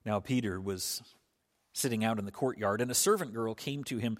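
A man's voice: lowish voice, moderate pace. A man preaching a sermon earnestly, with frequent restarts and emphatic rises in his voice. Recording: long hall reverb.

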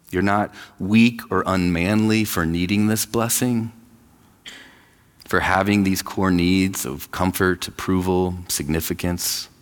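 Deep-voiced pastor preaching in a hall. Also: male voice. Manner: conversational, acts out quoted voices. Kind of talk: sermon. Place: church sanctuary.

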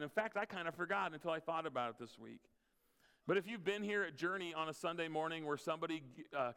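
A man's voice: on the high side, fairly bright tone, clear, resonant tone. A man preaching a conversational sermon as pastor, mixing scripture with playful asides. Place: church sanctuary. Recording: long hall reverb.

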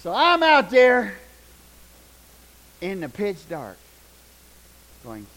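An older man preaching a sermon, telling folksy stories, loud one moment and hushed the next. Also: sits high, very slow, rough recording. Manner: folksy, animated, shouts punchlines, drops to hushed tones. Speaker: pastor. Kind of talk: sermon with storytelling.

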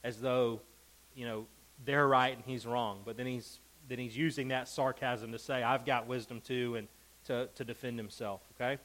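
Man, bible teacher, classroom lesson, animated reading, mid-pitched voice. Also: moderate pace, poor audio. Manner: animated, reads scripture with emphasis, checks in with "okay?" and "right?".

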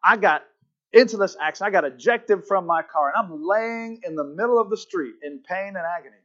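A preacher retelling an indignant young New Yorker. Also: male voice, sits high, brisk, bright, forceful tone, voice pushed up. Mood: insistent. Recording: muffled lo-fi recording.

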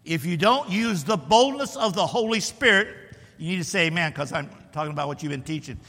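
A man preaching a sermon to his congregation, animated and teasing, with bold declarations. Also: fairly high pitch, a little fast, big-room sound.

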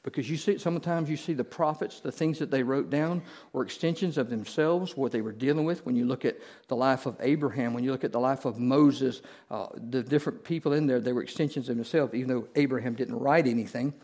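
A man's voice: mid-range voice, a little fast, few pauses, darkish tone. A man preaching a Bible lesson, talking conversationally with emphatic repetition and questions to the room. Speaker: pastor. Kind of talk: sermon-style Bible class.

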